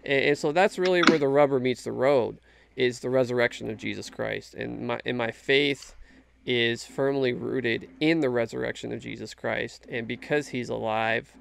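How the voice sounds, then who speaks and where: A man's voice: mid-range voice, normal speed, creaky, slight background noise. A man talking casually and earnestly about his faith, emphatic and full of restarts. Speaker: Christian guest in a faith discussion. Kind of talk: casual conversation.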